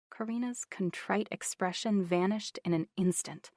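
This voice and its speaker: A woman narrating a novel in an even, measured way. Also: fairly low pitch, no echo, studio quality. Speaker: audiobook narrator. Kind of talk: scripted narration.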